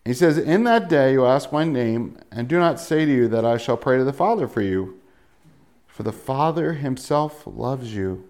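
A man preaching a sermon in a lively, joking way, acting out little asides and quotes as he reads from scripture. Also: medium pitch, moderate pace. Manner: animated, jokey preaching with voiced asides. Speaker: pastor.

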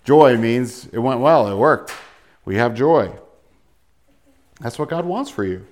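A man preaching a sermon with lots of energy and humor. His voice swings widely in pitch as he acts out quick asides and reads verses aloud. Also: lively intonation, darkish tone. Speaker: pastor.

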